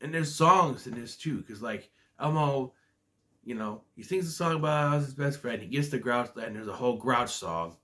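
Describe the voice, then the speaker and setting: A man reviews a children's film in a loose, rambling way, hesitating and stumbling over fillers. His pitch swings up and down in an animated way. He sits at a middle pitch for a man. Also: normal speed. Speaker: movie reviewer. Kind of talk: casual movie review.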